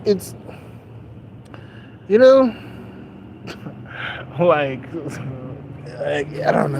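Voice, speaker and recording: A man's voice: fairly high pitch, a little mellow. A young man streaming, talking in a loose, profane, rambling way with lots of fillers, outdoors by a street with traffic. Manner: rambling and profane, often laughing, many fillers. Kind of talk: casual rambling monologue.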